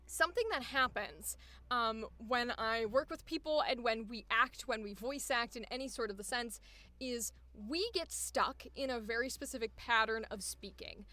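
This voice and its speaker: High bright-voiced woman coach. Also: normal speed. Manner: energetic, emphatic, laughs often, swears casually. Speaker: voice acting coach. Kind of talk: coaching session.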